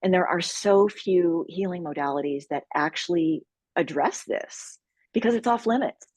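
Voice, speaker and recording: Low, husky-voiced woman, earnest. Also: moderate pace, darkish tone, dry recording. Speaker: sexual healing retreat leader. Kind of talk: earnest conversational interview.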